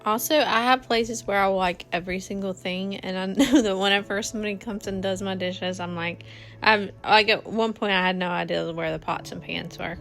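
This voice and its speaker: A woman's voice: mid-range voice, vocal fry, a bit bright. A woman, chatting casually to viewers while cleaning her home kitchen. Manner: chatty, addresses viewers as y'all. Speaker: cleaning vlogger. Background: faint music.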